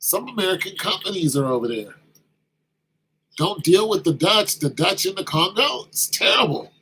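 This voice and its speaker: A man's voice: high voice, expressive, normal speed, bright, forceful tone, husky, poor audio. A man talking casually and with animation, acting out quoted exchanges as he tells the story. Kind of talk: casual talk.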